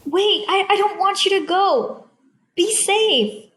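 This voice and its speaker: Earnest young girl, teen actress, very high, slow, emotional, school play. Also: expressive, dark tone, exaggerated voice. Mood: pleading. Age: teens. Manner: eager, emotional.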